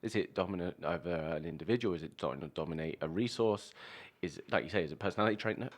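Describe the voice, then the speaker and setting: A man with a fairly low voice talks in a relaxed podcast conversation. He is easygoing and conversational, often breaking into laughter between points. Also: quick pace. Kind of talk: casual podcast chat.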